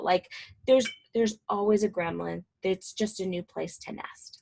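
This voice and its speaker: A woman's voice: mid-range voice, lively intonation, normal speed. A woman in her twenties, a mental health counselor, giving a casual, chatty talk to fellow professionals with plenty of fillers and asides. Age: 20s.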